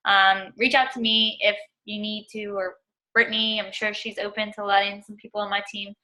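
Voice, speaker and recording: A woman's voice: mid-range voice, level tone, normal speed, bright, forceful tone, rough recording. A woman hosting a casual team video call as a fitness coach, chatting and saying "y'all" a lot.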